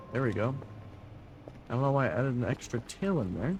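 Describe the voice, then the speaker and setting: A young man streaming a game live, chatting to his viewers, a little tired, with loud bursts of excitement. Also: mid-range voice, brisk, background noise. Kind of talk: live gaming commentary.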